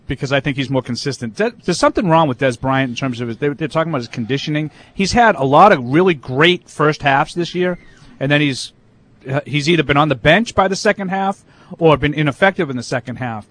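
A man's voice: fairly high pitch, fast, fairly bright tone. A man co-hosting a casual sports talk show, opinionated and argumentative, with lots of fillers. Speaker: sports radio co-host.

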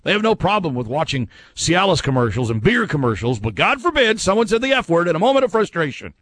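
A man's voice: fairly high pitch, sing-song, quick pace, fairly bright tone, no echo. A man hosting a casual sports talk show, reading out listener messages and giving his own opinions. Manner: conversational, reads listener messages aloud and reacts with opinions.

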